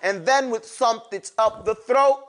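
A man's voice: very high-pitched, moderate pace, a bit bright. A man teaching a classroom lesson on pronouncing letters for Quran recitation, animatedly drilling his class to repeat sounds aloud.

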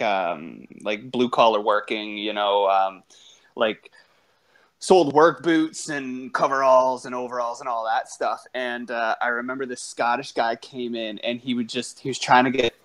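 A man hosting a casual chat show who teaches podcasters, telling anecdotes bluntly and swearing a lot. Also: mid-range voice. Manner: blunt, profane, animated anecdotes.

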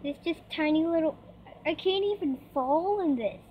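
A female gamer offers chatty commentary on her gameplay in a very high-pitched voice at normal speed, startling easily and squealing when things go wrong. Her lo-fi mic sounds dull and picks up faint noise.

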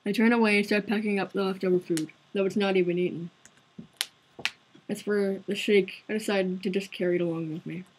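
A woman's voice: mid-range voice, steady tone, a little fast, darkish tone, a little hiss or hum, poor audio. A woman streaming a visual novel, narrating its story aloud in an earnest, conversational way. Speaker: game streamer.

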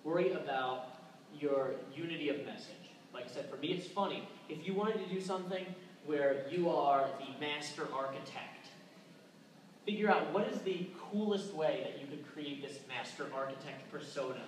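A man's voice: on the high side, moderate pace. Chatty man in an echoey hall. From Tennessee, USA. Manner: loose and chatty, many filler "uh"s and restarts. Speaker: convention panel speaker. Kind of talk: casual presentation. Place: convention talk room. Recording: echoey room recorded from far off, background noise.

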